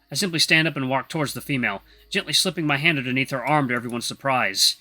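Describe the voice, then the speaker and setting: A man's voice: mid-range voice, quick pace, bright, forceful tone, soft background music. A young man narrating a first-person story in a wry, irreverent way.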